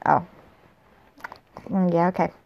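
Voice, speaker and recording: A woman's voice: lowish voice, steady tone, slow, vocal fry, lo-fi sound, a little hiss or hum. A woman reading a fantasy novel aloud, stopping now and then to trip over a word or laugh and chat about the story. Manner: stumbles on hard words, laughs through her comments. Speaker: reader of a novel.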